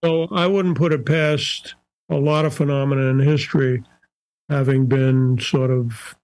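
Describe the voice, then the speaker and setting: An older man, a psychiatrist guest on a podcast interview, talking in a measured, searching way and often restarting his phrases. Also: mid-range voice, fairly even intonation, darkish tone, no room sound, low-quality recording.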